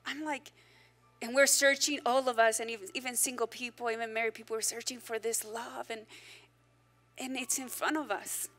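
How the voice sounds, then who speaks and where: A woman pastor gives a lively, conversational sermon and slips in joking asides. Her voice sits a little high and sounds bright and forceful. Faint music plays softly behind her. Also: normal speed.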